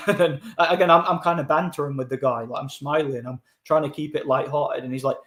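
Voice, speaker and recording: Young man, casual stream chat, rambling, laughs often, highish voice, echoey room. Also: fairly even intonation, fairly quick, few pauses, a bit bright. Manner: laughing, rambling, repeats words.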